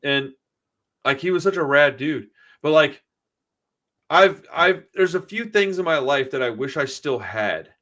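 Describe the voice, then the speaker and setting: A middle-aged man from Texas talking in loose, rambling casual chat as a podcast host. His voice sits a little high for a man, and his speech is full of swearing and dudes and bros. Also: animated, measured pace, bright, forceful tone. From Houston area, Texas. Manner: rambling storyteller, swears a lot, says dude and bro.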